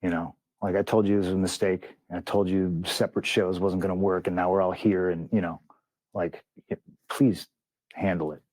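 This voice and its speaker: A man's voice: deep voice, little pitch movement, normal speed, darkish tone, no room sound. A man as an interview guest, telling a story bluntly with plenty of swearing and acted-out quotes.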